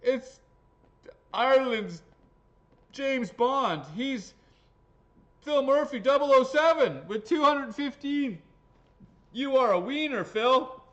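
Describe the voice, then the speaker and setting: A man putting on a loud, high Irish whoop. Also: normal speed, highs cut off. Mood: jubilant. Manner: shouting, jubilant, swearing. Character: loud excited Irish man hailing a winner.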